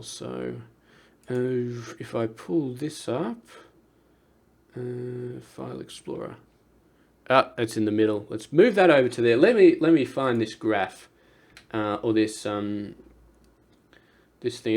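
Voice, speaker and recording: A young man speaks in a loose, earnest vlog manner. He circles his points with restarts and drops into low asides. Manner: rambling, earnest, with frequent restarts and quiet asides. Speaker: vlogger. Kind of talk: casual personal vlog talk.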